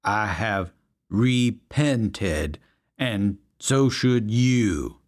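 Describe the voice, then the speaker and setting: A man voicing a big, simple reformed drunk who reads his confession slowly and haltingly. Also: on the low side, lively intonation. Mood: earnest. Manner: slow, halting reading with slips.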